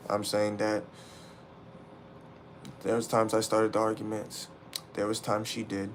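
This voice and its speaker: Indoors on a livestream, an upset young man rants at his chat with raw, profane venting, going over the same points again and again. He speaks a little slowly in a lowish, monotone voice, and a faint hiss or hum is audible.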